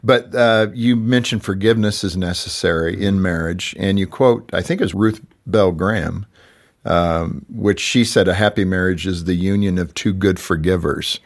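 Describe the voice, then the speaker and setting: Low-voiced man asking interview questions. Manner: measured, affirming, with short murmurs.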